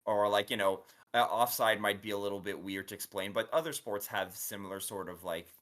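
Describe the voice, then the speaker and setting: A man's voice: lowish voice, fairly even intonation, a little fast, a bit bright. A man co-hosting a casual podcast, explaining things at length with many fillers. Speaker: podcast co-host. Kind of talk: casual chat.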